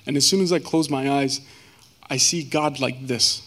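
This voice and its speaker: As a guest speaker, a man gives an earnest, halting personal testimony full of fillers and restarts. His voice is medium-pitched, steady in tone, and fairly bright.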